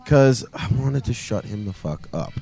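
A man's voice: medium pitch, lively intonation, measured pace, vocal fry, warm tone, faint music behind. A man co-hosting a casual podcast, telling a story bluntly and crudely, acting out what people said. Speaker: podcast co-host.

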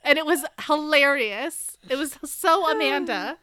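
Bright-voiced woman telling a quick anecdote. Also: sits high, no room sound, clean studio sound. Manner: quick, joking asides, swears casually. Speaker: podcast co-host. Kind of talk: casual chat.

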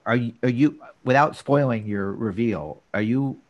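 A man's voice: medium pitch, normal speed, lo-fi sound. A man co-hosting a podcast, chatting casually and recapping a sitcom episode scene by scene. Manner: animated, recaps scenes in detail. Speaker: podcast co-host.

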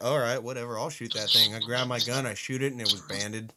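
A man's voice: lowish voice, steady tone, a little fast, hardly any pauses, very noisy. A man hosting a podcast, trading hunting stories in a laid-back casual chat. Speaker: podcast host.

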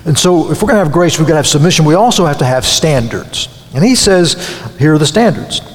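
A man's voice: a little high, expressive, fast, big-room sound. A man preaching a sermon, earnest and emphatic, repeating key words and restarting phrases.

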